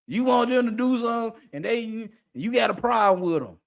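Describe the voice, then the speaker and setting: Man, high voice, blunt profane monologue, frequent laughter, host. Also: lively intonation, brisk, creaky, hardly any pauses. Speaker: podcast host. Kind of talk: unscripted monologue to listeners.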